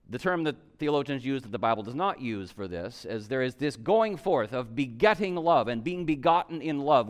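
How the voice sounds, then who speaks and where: A man teaching a theology lesson, explaining earnestly and often restarting to repeat a point for emphasis. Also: on the high side. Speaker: teacher of the Creed.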